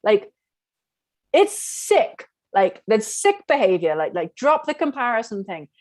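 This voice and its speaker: A woman's voice: fairly high pitch, sing-song, measured pace, no echo. A middle-aged woman teaching an online class, telling a personal story frankly and rambling, full of "like". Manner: frank, rambling, heavy use of "like". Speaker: spiritual workshop teacher.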